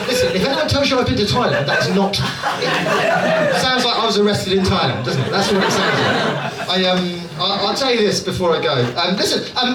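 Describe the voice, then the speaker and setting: Lively British comic in a noisy club. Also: male voice, high voice, distant mic. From Dorset, England. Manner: chatty, self-mocking, keeps checking in with "right?". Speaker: stand-up comedian. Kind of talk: stand-up crowd work. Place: comedy club stage. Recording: echoey club audio from afar, noisy. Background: audience laughter and room noise.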